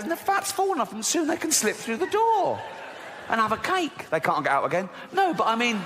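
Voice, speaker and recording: A man's voice: very high-pitched, wildly swooping pitch, moderate pace. A middle-aged man doing a sweary, mocking stand-up routine full of rhetorical asides. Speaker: stand-up comedian. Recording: large hall with crowd noise.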